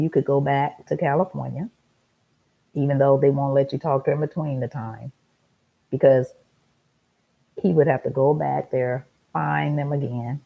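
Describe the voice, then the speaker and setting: Gravelly husky woman talk show host. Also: very deep voice, phone-quality sound. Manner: emphatic, repetitive storytelling.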